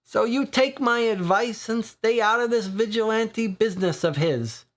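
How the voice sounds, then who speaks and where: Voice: mid-range voice, level tone, measured pace, creaky, a bit bright, voice pushed up. A board game player voicing a grinning, pockmarked Irish man who gossips in a dockside pub. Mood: gossipy, teasing. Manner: chatty, conspiratorial gossip.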